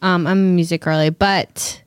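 A young woman co-hosting a podcast, chatting casually about pop-culture news with quick reactions. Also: lowish voice, steady tone, clean tone, dry recording, clean studio sound. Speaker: podcast co-host. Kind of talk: casual chat.

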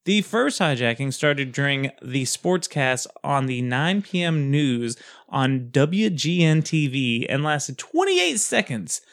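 A man's voice: medium pitch, big pitch swings, slow pace, a bit bright. A man hosting a podcast in casual chat, rambling with many fillers and frequent laughs. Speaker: podcast host.

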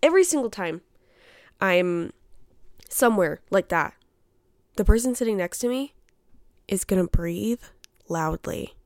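A woman's voice: medium pitch, expressive, unhurried, pauses often, a little mellow, no echo, clean studio sound. A woman hosting her own show, talking casually in a chatty, exasperated way and often laughing. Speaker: podcast host. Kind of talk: casual solo chat.

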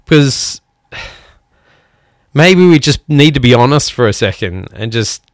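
A man's voice: medium pitch, lively intonation, no room sound, studio quality. Blunt, swearing male podcast host. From outside the United States. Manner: blunt, swearing, sighing pauses. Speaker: musician. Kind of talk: angry podcast monologue.

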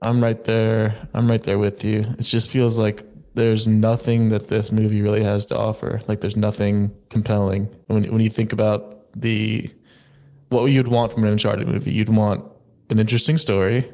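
Low flat guy trashing a movie, blunt, deadpan-ish. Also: moderate pace. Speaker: podcast co-host. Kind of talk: casual movie review chat.

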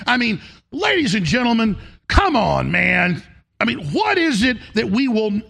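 A man's voice: sits high, gravelly, bright, forceful tone, breathy edge. A man hosting a talk show, delivering an emphatic, rambling monologue that circles back and repeats phrases. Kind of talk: ranting monologue.

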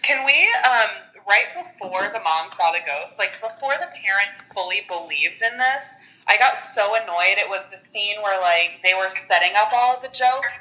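A woman's voice: medium pitch, expressive, moderate pace, pushed and bright, poor audio. A woman chatting casually about a film, filling her talk with "like" and laughing often. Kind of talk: casual movie discussion chat.

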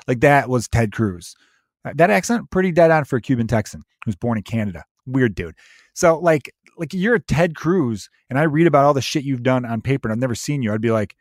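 A man hosting his own podcast, ranting in a profane, animated, conversational way. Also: medium pitch, a little fast, no echo, clean studio sound. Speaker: podcast host, comedian. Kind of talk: solo podcast rant.

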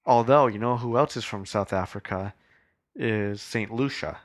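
Low-voiced man hosting a rambling podcast. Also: normal speed. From Canada. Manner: rambling, profane, with frequent fillers; shaken and hushed. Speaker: podcast host. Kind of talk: casual solo podcast monologue.

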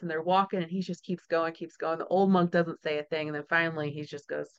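Woman podcast host, chatty, lowish voice, muffled lo-fi sound. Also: flat delivery, quick pace, hardly any pauses, clean tone. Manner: chatty, laughs often, storytelling asides. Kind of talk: casual interview chat.

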